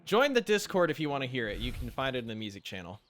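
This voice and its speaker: A man's voice: mid-range voice, sing-song, fast talker, a bit bright, soft background music. A young man chatting casually as a co-host while playing a game, eager and easily impressed.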